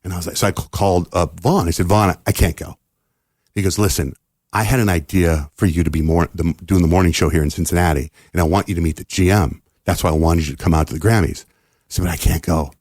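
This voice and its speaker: A man's voice: low voice, quick pace, husky, no echo, studio quality. A middle-aged man from the United States, a radio host, telling a long story casually and acting out the people in it. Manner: animated storyteller acting out quoted dialogue. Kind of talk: casual storytelling in a podcast interview.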